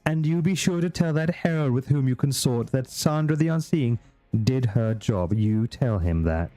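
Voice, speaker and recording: A man's voice: mid-range voice, lively intonation, normal speed, mellow, faint music behind, pitched above the performer's own voice, lightly acted. A man voicing a weary, proud woman seer in a game, speaking in a formal, archaic, dismissive way.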